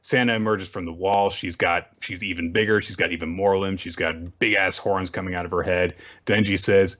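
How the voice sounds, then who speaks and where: Male podcast co-host, low voice, casual recap with wry asides, dull lo-fi audio. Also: fairly even intonation, a bit bright. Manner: quick, joking summary with dry asides. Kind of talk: casual chat, recapping manga chapters.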